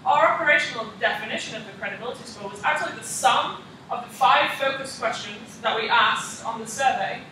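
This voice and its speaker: Young woman, student presenter, reading slides with ums, crisp bright tone, distant mic, faint hiss. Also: fairly high pitch, a little fast. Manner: reads prepared slides, frequent ums. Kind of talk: class presentation practice. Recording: echoey room, mic far off.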